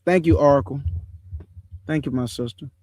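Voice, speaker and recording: A man hosting an online show, chatting casually about scripture in relaxed slang and calling his viewers family. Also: on the high side, normal speed, no echo. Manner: laughs often while telling stories. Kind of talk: casual livestream chat on scripture.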